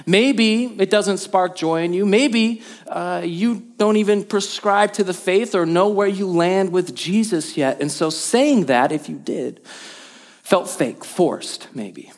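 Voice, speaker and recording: Male pastor, bright high voice, emphatic energetic sermon in a church hall. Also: slow pace. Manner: energetic, emphatic repetition, call and response. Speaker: lead pastor.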